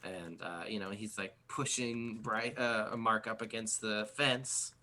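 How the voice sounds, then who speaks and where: Man GM narrating loosely, bright tone, frequent fillers. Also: on the low side, fairly even intonation, a little slow, slight background noise. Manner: casual, filler-heavy narration. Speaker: game master. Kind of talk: narrating a tabletop game.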